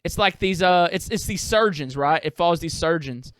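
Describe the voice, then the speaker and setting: A man's voice: a little high, normal speed, a bit bright, no room sound, clean studio sound. A young man hosting a podcast, talking in a profane, rambling, self-deprecating way. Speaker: podcast host. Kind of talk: casual comedic monologue.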